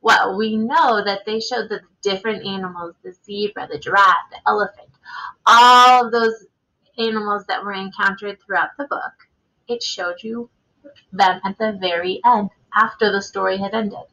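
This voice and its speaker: A woman teacher giving a reading lesson for children, reading a picture book aloud with expression and pausing to ask questions. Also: mid-range voice, sharp tone, muffled recording.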